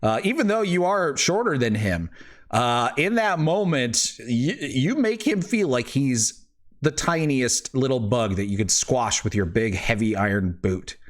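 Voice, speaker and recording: A man's voice: medium pitch, expressive, measured pace. A man narrating as game master for a tabletop game, laughing often and hesitating with fillers.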